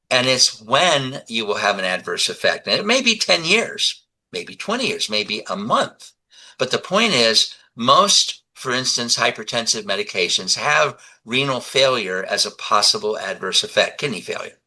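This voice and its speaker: Forceful older man telling stories. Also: mid-range voice, normal speed, rough recording. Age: 70s. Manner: animated storyteller who acts out dialogue. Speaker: guest. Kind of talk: conversational interview.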